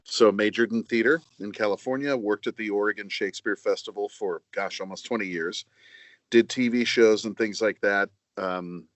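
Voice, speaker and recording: A middle-aged man being interviewed as a guest voice actor, speaking in a measured, earnest way with many fillers and restarts. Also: fairly low pitch, steady tone, no echo. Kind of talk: casual interview.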